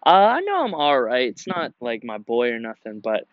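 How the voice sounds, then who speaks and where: A young man hosting his own podcast outdoors, telling a story casually in a relaxed, slangy way with lots of fillers and restarts. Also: medium pitch, moderate pace, no room sound, dull audio. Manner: laid-back, slangy, many fillers and restarts. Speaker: podcast host. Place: outdoors in nature.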